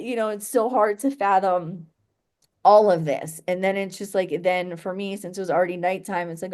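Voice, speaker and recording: A woman's voice: medium pitch, steady tone, normal speed, darkish tone. A young adult woman telling a painful personal story in an interview, rambling and full of "like" and "you know" as she restarts her sentences.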